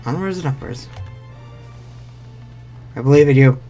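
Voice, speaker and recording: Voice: mid-range voice, a little slow, dark tone, faint music behind. Muttering, swearing game streamer. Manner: talks to self, mutters, swears freely; reads game text aloud. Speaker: streamer playing an online role-playing game. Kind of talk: casual let's-play commentary.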